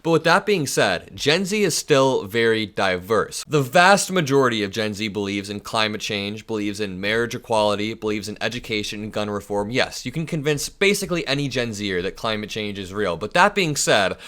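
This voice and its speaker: A man in his twenties giving casual political commentary in a quick, sarcastic and opinionated way. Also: fairly low pitch, sing-song, fairly bright tone. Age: 20s.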